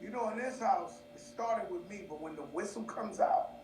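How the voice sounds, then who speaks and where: Brief: New man, high and animated, livestreaming on a phone at home, roomy and distant sound. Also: moderate pace, very noisy. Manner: boisterous, animated storytelling. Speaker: host. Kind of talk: casual live-stream chat. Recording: echoey room, voice off-mic.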